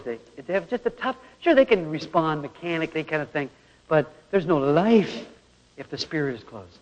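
A middle-aged man preaching a sermon and telling a story from his own family, acting out voices as he goes. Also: fairly high pitch. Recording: old lo-fi tape in a large hall.

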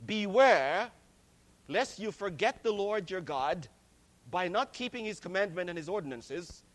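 A man preaching a sermon, slow and deliberate, stressing key words and calling his listeners friends. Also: sits high, expressive.

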